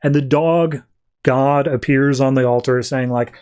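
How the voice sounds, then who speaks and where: A man's voice: mid-range voice, fairly even intonation, unhurried, a little mellow, smooth. A man hosting a podcast, casually retelling a comic's story and acting out the characters' lines along the way. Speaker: podcast host.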